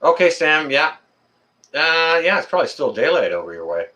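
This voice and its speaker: Male live-stream host, chatty, lively pitch. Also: normal speed. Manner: chatty, talks to viewers and reads chat aloud. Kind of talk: casual live-stream chat. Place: apartment.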